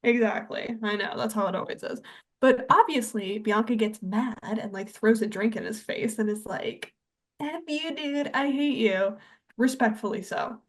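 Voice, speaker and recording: A woman's voice: mid-range voice, normal speed. A young adult woman co-hosting a podcast, retelling a film in a chatty way, full of "like" and acted-out quotes. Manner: chatty storyteller, many "like"s, acts out quotes. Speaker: podcast co-host. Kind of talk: casual chat.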